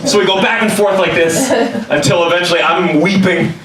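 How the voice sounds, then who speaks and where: A male comedian telling a story on stage, animated and exaggerated, sometimes shouting. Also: sits high, brisk, noisy background. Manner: animated, exaggerated quoted voices, bursts of shouting. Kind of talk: stand-up storytelling. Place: club stage with a laughing audience. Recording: echoey room, mic from a distance, crowd laughter.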